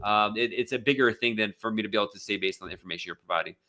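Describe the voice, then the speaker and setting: With a fairly low pitch, this American man races through his words in a bright, forceful tone. He is an immigration attorney hosting a casual live Q&A, reading viewer questions aloud amid many fillers and restarts.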